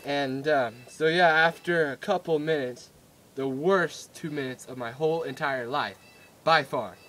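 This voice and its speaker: A man's voice: fairly high pitch, measured pace, a bit bright. A young man telling a story in a casual vlog, rambling and giggly, with many fillers and restarts. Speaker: vlogger.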